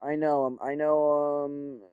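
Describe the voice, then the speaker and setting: A young man giving casual, profane commentary while playing a video game, thinking out loud and getting excited. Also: on the high side, slow, smooth, no echo, narrow, tinny audio. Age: young adult.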